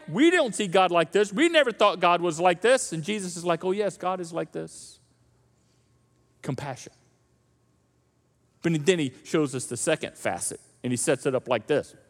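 A man preaching a sermon in a conversational, animated storytelling manner. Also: very high-pitched, big-room sound. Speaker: pastor. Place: church auditorium.

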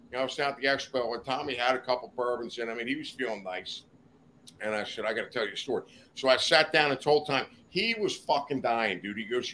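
Animated, profane storytelling man. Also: mid-range voice, fairly quick, a little hiss or hum. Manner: profane, animated anecdote-telling with laughter. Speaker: podcast guest. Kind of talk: casual storytelling. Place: podcast studio.

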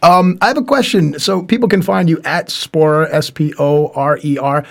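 A man hosting a casual fantasy baseball podcast, enthusiastic and quick to laugh. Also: a little high, creaky. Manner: enthusiastic, laughs often, animated. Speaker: podcast host. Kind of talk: casual sports podcast chat.

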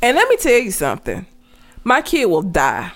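Woman telling a wild story, swoopy lively voice, cussing and laughing. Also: mid-range voice, moderate pace. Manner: animated storytelling, profane, laughs often. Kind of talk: casual chat.

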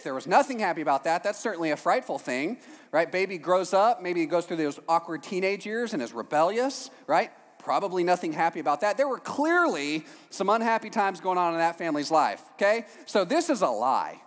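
A man preaching a sermon to a congregation, animated, with jokey asides and frequent "right?" checks to the room. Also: high-pitched. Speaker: pastor. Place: church hall with a congregation. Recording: long hall reverb.

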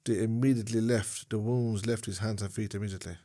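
An Irish-accented man in his fifties talks in a warm, earnest, chatty way on a casual podcast. He speaks sincerely and holds his side of the banter as co-host. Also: lowish voice, fairly even intonation, quick pace. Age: 50s.

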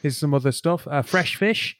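A man's voice: fairly high pitch, moderate pace, no room sound, clean studio sound. A man hosting a weekly technology podcast, chatty and jokey in casual banter. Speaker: podcast host. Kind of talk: casual chat.

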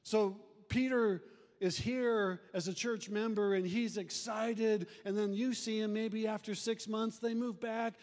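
A middle-aged male pastor preaching a conversational sermon, animated and acting out church members. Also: high-pitched, a little slow. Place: church sanctuary. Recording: long reverb of a church hall.

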